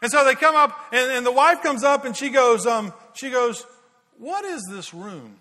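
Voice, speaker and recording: A middle-aged man preaching a sermon, telling lively anecdotes and repeating words as he goes. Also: very high-pitched, moderate pace. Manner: lively anecdotes, repeats words, giggles at his own stories. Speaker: pastor. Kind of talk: sermon with storytelling. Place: large church worship hall. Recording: long reverb of a large hall.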